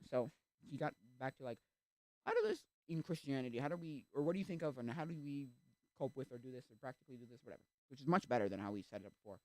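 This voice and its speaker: A man's voice: medium pitch, animated, fast talker, no room sound. A young adult man chatting casually on a livestream, rambling through tangents with lots of fillers. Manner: rambling, full of fillers and tangents, acts out quoted voices. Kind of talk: casual chat.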